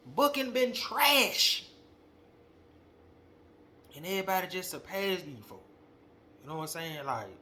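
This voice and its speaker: Slangy, animated young man ranting. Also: on the high side, a little hiss or hum. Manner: animated, slangy, calls out directly. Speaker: wrestling podcast host. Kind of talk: casual opinion monologue.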